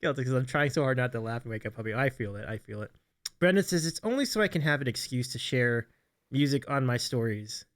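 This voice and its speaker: A man's voice: medium pitch, expressive, fast talker. A man hosting a casual livestream chat, reading viewer comments aloud and laughing often. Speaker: host.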